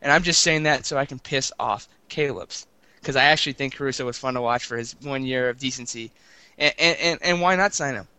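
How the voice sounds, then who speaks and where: A man's voice: medium pitch, a little fast, bright, forceful tone, clean tone, dry recording. A man co-hosting a casual sports talk show, rambling and teasing his co-host, often stammering over restarts. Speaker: podcast co-host.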